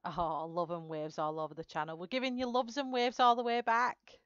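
A woman's voice: lowish voice, monotone, moderate pace, smooth, dry recording, highs cut off. A woman hosting a live colouring stream, chatting and giggling as she greets viewers by name. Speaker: livestream host colouring live. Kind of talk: casual chat while colouring.

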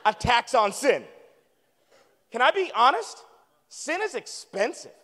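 A man preaching a sermon as a guest preacher in a church, animated and calling for responses from the congregation. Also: very high-pitched, a little slow. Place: church sanctuary. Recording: long reverb of a church hall.

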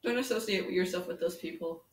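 A woman playing a calm, formal young man in a comedic fan parody, deadpan, overly literal and politely spoken. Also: on the low side, a little fast, natural voice. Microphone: camera mic set far away. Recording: roomy room, mic far away.

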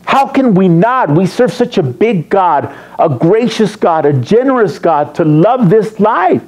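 A man's voice: high voice, expressive, unhurried, darkish tone. A man preaching a sermon as pastor, teasing and quizzing his congregation. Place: church sanctuary.

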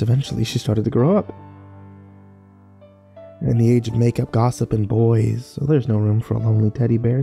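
A man narrating a first-person horror story slowly and wistfully, with small restarts. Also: mid-range voice, gravelly, dark tone.

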